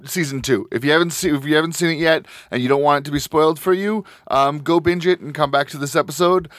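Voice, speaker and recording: A man hosting a casual podcast chat, often pausing with ums and restarting his sentences. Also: on the high side, a bit bright, no echo, studio quality. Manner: hesitant, many ums and restarts. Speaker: podcast host.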